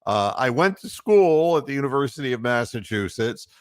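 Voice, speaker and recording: A man's voice: mid-range voice, sing-song, normal speed, no room sound, studio quality. A man from Ohio hosting a casual sports talk show, rambling and heated, full of fillers and mocking quotes. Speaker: podcast host.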